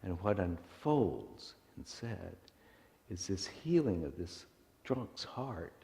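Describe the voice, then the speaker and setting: A male minister with a low voice and lively, rising-and-falling pitch, telling a sermon story in an earnest, reflective way. His voice rings around a large, echoing church sanctuary with a long reverb tail. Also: slow, vocal fry. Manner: reflective, earnest, with small restarts. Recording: echoey church hall.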